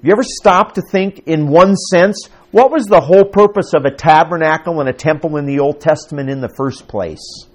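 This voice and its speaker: A man's voice: fairly high pitch, moderate pace, few pauses. A man preaching a conversational sermon to his congregation, asking them questions as he teaches. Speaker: pastor.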